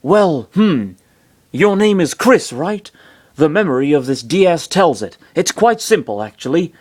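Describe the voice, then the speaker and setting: A man's voice: fairly high pitch, expressive, normal speed, pitched above the performer's own voice, lightly acted. A man reading aloud and voicing an upbeat, boastful male doctor who lives inside a game console and likes to taunt. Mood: cheery.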